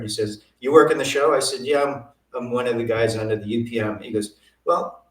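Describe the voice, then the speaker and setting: An older man, a guest in an interview, telling lively anecdotes and acting out what others said. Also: mid-range voice, fairly quick, few pauses. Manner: animated anecdotes, acting out quoted voices. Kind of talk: storytelling interview. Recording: roomy, from a distance.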